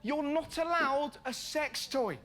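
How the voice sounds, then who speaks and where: A man with an English accent doing stand-up comedy, sarcastic and punchy, shouting the punchlines. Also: very high-pitched, slow, a loud crowd. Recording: TV clip with loud background noise.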